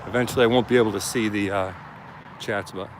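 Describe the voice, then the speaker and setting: A live-streaming First Amendment auditor talks fast in a lowish, steady voice while walking around a police station outdoors. Filming on a handheld camera, he chats casually and greets viewers by name over slight background noise.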